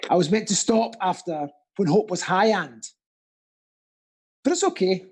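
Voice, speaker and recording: A Scottish man with a slightly husky voice runs a casual quiz night, joking around and tripping over his own words. His delivery swings widely in pitch, full of animated rises and falls. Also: unhurried, poor audio. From Scotland. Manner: playful, chatty, stumbles and repeats words. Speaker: quiz host. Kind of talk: casual online quiz banter.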